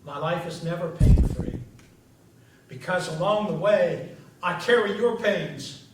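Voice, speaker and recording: Pastor with a fairly high voice, storytelling sermon, dramatic pauses, recorded from far back in a very echoey sanctuary. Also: male voice, slight background noise. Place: church sanctuary. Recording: echoey church from a distance.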